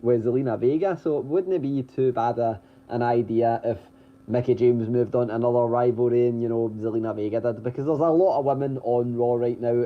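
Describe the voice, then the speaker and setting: Chatty man with dull lo-fi audio. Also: medium pitch. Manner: chatty with frequent ums and restarts, occasional chuckles. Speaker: podcast co-host reading wrestling news. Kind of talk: casual news rundown.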